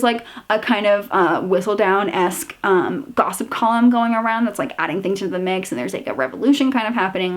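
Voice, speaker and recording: A woman reviewing books in a casual chat, talking in a chatty, filler-heavy way with an exasperated, ranting edge. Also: mid-range voice. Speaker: book reviewer.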